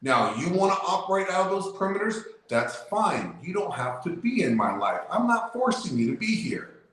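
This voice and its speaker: A man's voice: high-pitched, sing-song, normal speed, fairly bright tone. A man in casual debate as a show guest, talking emphatically and repeating himself as he lays out his point. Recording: very echoey room.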